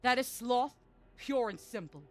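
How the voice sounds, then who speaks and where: A woman's voice: expressive, unhurried. Woman reading as a grieving father rallying villagers. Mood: rousing. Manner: lowered, earnest read-aloud of game dialogue. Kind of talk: reading game dialogue aloud on stream.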